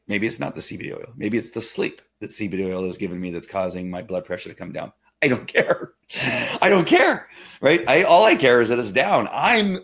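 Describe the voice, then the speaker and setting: A man hosting a live stream, talking casually in an excitable, rambling way with many restarts. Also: fairly low pitch, slightly rough.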